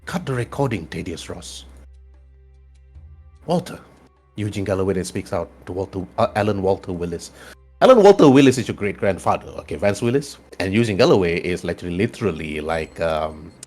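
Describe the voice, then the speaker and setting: A young man with a husky voice narrating a tabletop game as game master, in an animated, storytelling manner. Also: sits low, fast talker, faint music behind. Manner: animated storytelling with frequent restarts.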